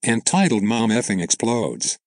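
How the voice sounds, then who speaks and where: A man's voice: fairly low pitch, very animated, measured pace, a little mellow, no room sound. A man narrating an online story aloud in a plain, matter-of-fact way.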